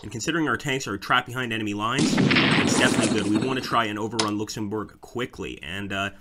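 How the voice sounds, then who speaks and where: A man's voice: on the low side, fast talker. A man giving casual commentary over a strategy game, thinking aloud about his moves and talking to viewers as guys. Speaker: let's play host. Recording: loud background noise.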